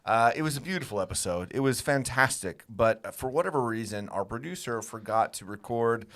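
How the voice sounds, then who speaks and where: Laughing podcast host, lively voice. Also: male voice, mid-range voice, brisk. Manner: leads the questions, laughs often. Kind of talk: casual podcast chat.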